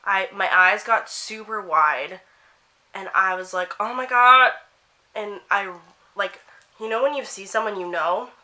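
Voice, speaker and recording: A young woman from Canada telling a story to camera, animated, acting out the quotes and saying "like" a lot. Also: medium pitch, measured pace, rough recording. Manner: animated, acts out quotes, heavy use of "like". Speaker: vlogger. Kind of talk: chatty storytelling while getting ready.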